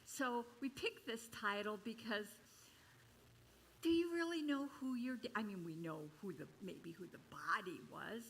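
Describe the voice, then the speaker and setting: Bright-voiced older woman minister, chatty sermon. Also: measured pace, slight background noise, rough recording. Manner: chatty and expressive, with sudden jumps in pitch and loudness. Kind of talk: personal storytelling sermon. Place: church service hall.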